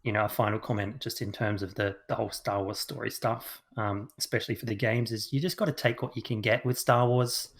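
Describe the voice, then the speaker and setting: A man's voice: fairly low pitch, steady tone, fairly quick, few pauses. A man chatting casually on a games podcast, wry, with stammering restarts. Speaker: podcast co-host. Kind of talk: casual chat about games.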